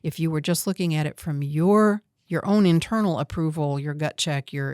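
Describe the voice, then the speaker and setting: A woman's voice: low voice, moderate pace, a little mellow, dry recording, clean studio sound. A woman hosting a coaching talk, direct and emphatic, teasing her guest now and then. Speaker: host and coach. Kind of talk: coaching conversation.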